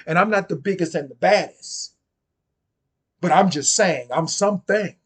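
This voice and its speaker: A man's voice: sits high, normal speed, slightly rough. A man giving casual spoken commentary on occult topics, sassy and chatty, often repeating and restarting his phrases.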